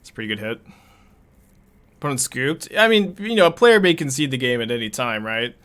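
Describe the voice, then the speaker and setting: Bright-voiced man thinking aloud over gameplay. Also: medium pitch, animated, fairly quick, clear, resonant tone. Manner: chatty, laughs often, thinks aloud. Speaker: card game streamer. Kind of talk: casual gameplay commentary.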